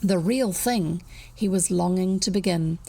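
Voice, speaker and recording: New Zealand woman narrating a classic storybook aloud, unhurried, a little gravelly. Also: lowish voice. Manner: steady storybook narration with asides. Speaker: reader. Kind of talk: reading a children's book aloud.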